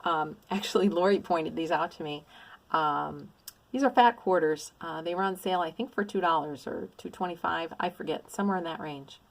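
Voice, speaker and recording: A woman's voice: on the low side, moderate pace, vocal fry. A middle-aged woman vlogging a craft haul in a casual, gushing, exclamatory way. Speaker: cross-stitch vlogger. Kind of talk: casual show-and-tell haul.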